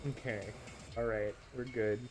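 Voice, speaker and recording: A man's voice: on the low side, fairly even intonation, measured pace, a little mellow, a little hiss or hum. A young man co-playing a game, chatting casually with playful, boastful banter. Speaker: co-player. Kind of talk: casual gameplay chat.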